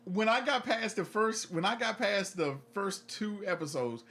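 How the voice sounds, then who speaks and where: A young man co-hosting a podcast in casual chat, animated and playful, often laughing as he tells stories. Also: high voice, a little slow, faint music behind. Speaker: podcast co-host.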